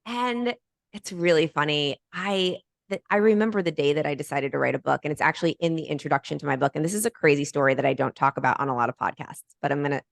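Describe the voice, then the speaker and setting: A woman guest on a podcast telling a personal story in a lively, animated way. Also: sits low, quick pace, gravelly, no room sound, studio quality. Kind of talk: storytelling in conversation.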